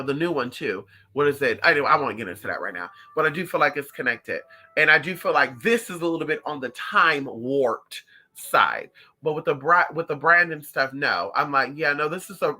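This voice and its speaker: A psychic vlogger chatting casually to viewers, sassy and animated, calling them honey and girl. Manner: animated, swings up and down in pitch.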